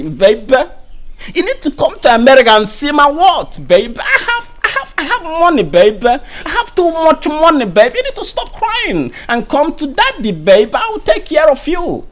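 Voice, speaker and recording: A man plays a boastful Nigerian village charmer in a comedy film, with a high voice that swings up and down. He coaxes and flatters, repeating sweet talk as he brags about money abroad. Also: heavily acted. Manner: smooth-talking, coaxing, repeats "baby". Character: boastful village man bragging of American riches. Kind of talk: Nollywood comedy acting.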